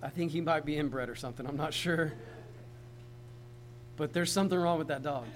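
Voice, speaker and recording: Here the preacher talks fairly quickly in a highish voice, keeping things casual and asking the congregation questions as he speaks directly to them. The recording is rough, with a little hiss or hum.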